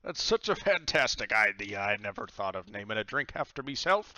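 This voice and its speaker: A man's voice: mid-range voice, big pitch swings, moderate pace, pushed and bright, dry recording, muffled recording, pitched above the performer's own voice. A man voicing a boisterous, jovial male pirate god who talks heartily and calls people "lad". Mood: delighted.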